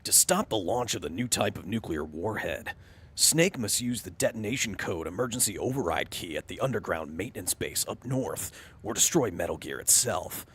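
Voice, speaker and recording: A man doing a mock-serious, measured narrator voice that recaps the story of a video game. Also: lowish voice, very animated, fairly bright tone, breathy edge, voice pushed down, full character voice. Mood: solemn. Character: slow, solemn male game-recap narrator. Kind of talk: parody game summary narration.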